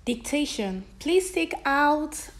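A woman teaching a phonics lesson to children, sounding out letters and words slowly and repeating each one several times. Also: sits high, animated.

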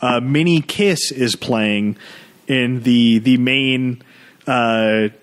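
A man co-hosting a movie podcast, riffing loosely and swearing as he goes. His voice sits at an ordinary middle pitch, and he wanders through his points with lots of fillers before landing them. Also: extremely slow. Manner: rambling, profane, jumps into goofy voices. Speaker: podcast co-host. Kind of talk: casual movie-review banter.

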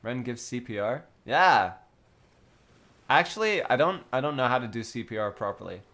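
A man's voice: mid-range voice, lively intonation, normal speed, a bit bright. A young man streaming casually, joking with his chat and laughing often.

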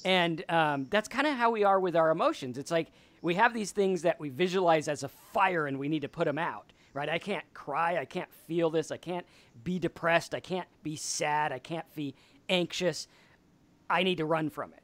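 A man's voice: on the high side, moderate pace. A man hosting a casual chat about staying sober, telling stories and acting out quotes. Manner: animated storyteller, acts out quotes. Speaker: podcast host.

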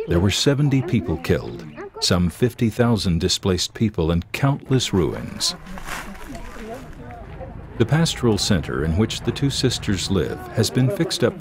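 A male documentary narrator reads a scripted voice-over in a measured way. His voice sits low and moves with lively intonation. Crowd noise runs clearly behind him.

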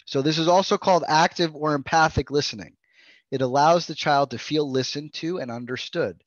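A man's voice: fairly high pitch, brisk, no echo. A man teaching play therapy in an online training session, earnest, checking in with his listeners by often asking "right?" and "okay?". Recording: dull, dry video-call audio.

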